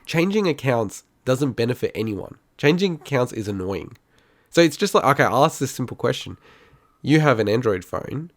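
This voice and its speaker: A man's voice: mid-range voice, no echo, clean studio sound. A man co-hosting a podcast, arguing his point in casual chat and laughing often. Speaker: podcast co-host.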